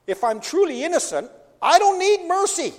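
With a very high, very animated voice at normal speed, a man preaches as pastor, raising rhetorical questions and answering them himself. The setting is a church sanctuary with long hall reverb.

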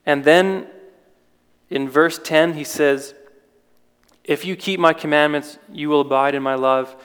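A man's voice: on the high side, steady tone, unhurried, a bit bright, clear, resonant tone, long reverb tail. A man preaching an informal sermon in a conversational way, with restarts and rhetorical questions.

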